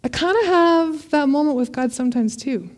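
High-voiced woman preaching a sermon. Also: normal speed. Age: adult parent. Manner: expressive, dramatic scripture reading with laughs.

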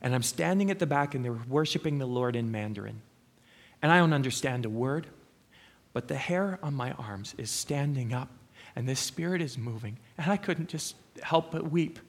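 A man's voice: mid-range voice, animated, moderate pace. A middle-aged man preaching a sermon, telling stories in an earnest way with frequent "um" and "uh" fillers.

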